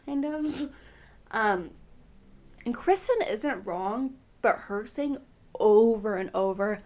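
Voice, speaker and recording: A woman's voice: medium pitch, takes it slowly, vocal fry, a little mellow. A woman hosting a podcast, recapping TV in casual, opinionated chat full of fillers. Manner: chatty, filler-heavy, opinionated. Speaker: podcast host.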